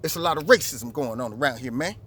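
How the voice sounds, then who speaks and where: A man voicing a brash, skeptical young man who mumbles in low slang. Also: animated, fast talker, a bit bright, husky. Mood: scoffing.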